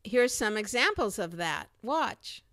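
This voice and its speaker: A woman teaching comedy and public speaking in an animated, demonstrative way, acting out examples as she goes. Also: medium pitch, takes it slowly, background noise. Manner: animated, demonstrative, jumps into character voices. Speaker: speaking coach. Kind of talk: comedy presentation lesson.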